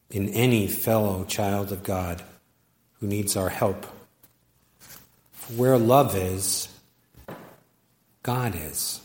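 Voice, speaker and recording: A male pastor retells a story from the pulpit in a measured sermon, with deliberate, emphatic pauses. His voice sits low and moves very slowly. Long reverb rings around the church sanctuary. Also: a little mellow.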